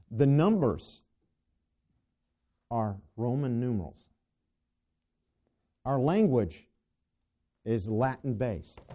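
A man's voice: mid-range voice, dark tone. A male preacher delivering a sermon to a congregation, asking them questions and often restarting his sentences. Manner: asks the congregation rhetorical questions, stumbles and restarts. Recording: dull lo-fi recording.

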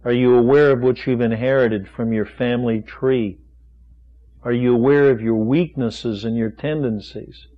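Male preacher, mid-pitched, folksy and questioning, slightly dull lo-fi recording. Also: fairly even intonation, moderate pace. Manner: rhetorical questions, folksy asides. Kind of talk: sermon.

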